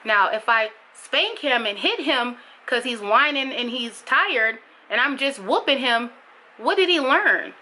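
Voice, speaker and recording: A young woman speaks straight to camera in an impassioned, emphatic vlog, her voice bright and forward. She leans on repetition to drive points home, with a faint hum of room noise behind her. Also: animated, unhurried, poor audio. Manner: bursts high and loud when mimicking others. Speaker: vlogger. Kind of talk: candid vlog monologue.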